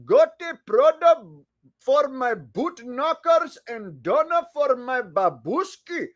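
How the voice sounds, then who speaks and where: A man reading lyrics aloud in a put-on Indian accent, in a loud deadpan recitation. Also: very high-pitched, takes it slowly, full character voice. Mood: reciting.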